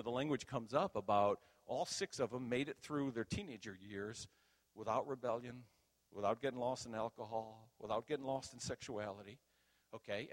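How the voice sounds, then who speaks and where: A middle-aged man preaching a storytelling sermon, acting out quoted dialogue loudly and with animation. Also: mid-range voice.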